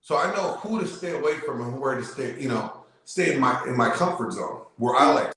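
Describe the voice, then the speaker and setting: A man's voice: medium pitch, lively intonation, fairly quick, fairly bright tone. A man in casual debate as a show guest, talking emphatically and repeating himself as he lays out his point. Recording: very echoey room.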